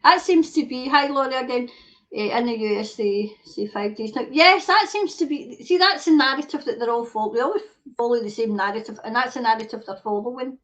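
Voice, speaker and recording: Poor audio carries the slightly high, fairly bright voice of a Scottish livestream host. Going through viewer comments in a casual chat, she rants, curses, and loses her temper easily.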